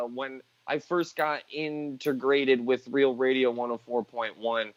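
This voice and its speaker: A man's voice: medium pitch, no room sound, lo-fi sound. A man chatting as a guest comedian on a video call, joking and rambling through self-deprecating stories. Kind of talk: casual chat on a live stream.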